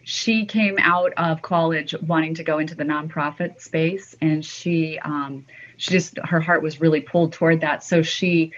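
A woman's voice: low voice, measured pace. A woman, a guest author, telling an anecdote in an interview and acting out the quotes with animation. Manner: animated storyteller who acts out quotes. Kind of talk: storytelling in interview. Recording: dull lo-fi audio.

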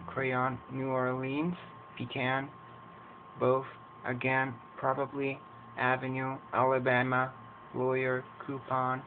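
A man from Canada with a Canadian accent, reading words one by one for an accent challenge as an English teacher. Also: mid-range voice. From Edmonton, Canada. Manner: slow, careful word-by-word reading. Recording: tinny, phone-like home recording with faint hiss.

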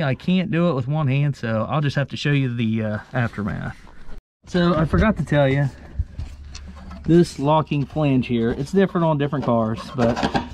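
DIY garage host, mid-pitched man talking while wrenching on a car, grumbles at parts, clanking noise behind. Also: dark tone. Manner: muttering at stubborn parts while working. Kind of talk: casual hands-on car repair tutorial.

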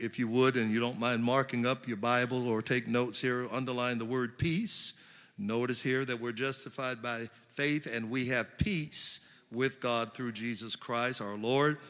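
A man pastor preaching a sermon, building to emphatic slow stresses. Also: mid-range voice, bright, forceful tone. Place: large church hall. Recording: long church hall reverb.

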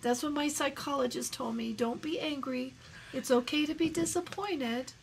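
A woman's voice: high-pitched, normal speed, gravelly, a little hiss or hum, low-quality recording. A woman doing a melodramatic, weepy sister wife. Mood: polite. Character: overwrought, teary sister wife, sweetly polite. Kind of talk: prank call role-play.

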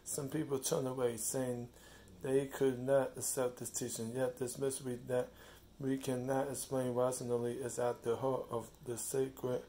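A man reading a devotional slowly, stopping and restarting often, then talking fondly to his cat at home. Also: mid-range voice, little pitch movement, slight background noise. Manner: slow, halting reading with restarts; fond, soft talk to his cat.

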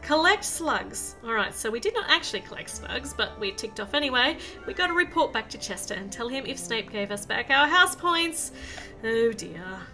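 A woman's voice: on the high side, animated, moderate pace, bright, forceful tone, soft background music. A woman hosting a game channel, chatting and explaining as she plays and reads lines aloud. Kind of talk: let's-play game commentary.

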